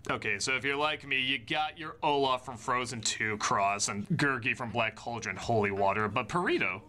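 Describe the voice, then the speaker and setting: A man's voice: medium pitch, normal speed, pushed and bright. A young man narrating a scripted film review in an enthusiastic, wry way. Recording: voice-over with faint music.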